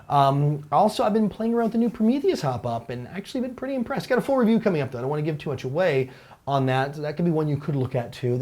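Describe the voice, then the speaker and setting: A man hosting a weekly Q&A show, answering viewer questions in a relaxed, rambling way with restarts. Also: mid-range voice. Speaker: host. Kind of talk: casual Q&A chat. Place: Taiwan.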